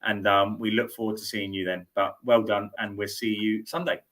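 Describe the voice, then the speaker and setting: A middle-aged man with a lowish voice, hosting a sports show in loose, casual studio chat. He rambles and repeats words as he works out what to say. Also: level tone, moderate pace, a bit bright. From United Kingdom.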